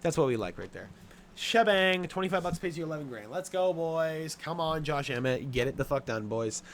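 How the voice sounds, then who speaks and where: A man's voice: a little high, lively intonation, normal speed, a little hiss or hum. Blunt, profane young man giving betting picks. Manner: blunt, profane, offhand with many fillers. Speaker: sports betting podcast host. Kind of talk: casual betting picks rundown.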